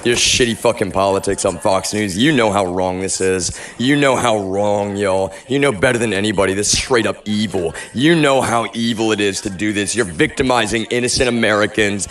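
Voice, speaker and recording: A man's voice: on the low side, normal speed, few pauses, fairly bright tone. A man streaming live, ranting angrily in a profane way and saying "y'all" often. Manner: angry, profane, repeats "y'all". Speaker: livestreamer.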